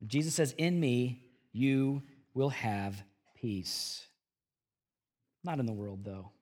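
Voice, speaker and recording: A middle-aged pastor delivers a sermon to his church at a slow pace, his medium-pitched voice moving from quiet, earnest passages to loud, emphatic outbursts.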